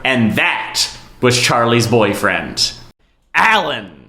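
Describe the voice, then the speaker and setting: A man of average pitch tells a film's story to a friend on a comedy podcast. He narrates scene by scene with animated energy. The room gives his voice a noticeable echo. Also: takes it slowly. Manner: animated storytelling, voices quoted lines, laughs at own jokes. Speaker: comedian retelling a movie plot.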